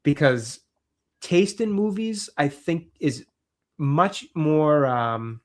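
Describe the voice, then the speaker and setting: A man co-hosting a film review podcast in casual chat, speaking in a measured, agreeable way and thinking aloud as he makes his points. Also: a little high, big pitch swings.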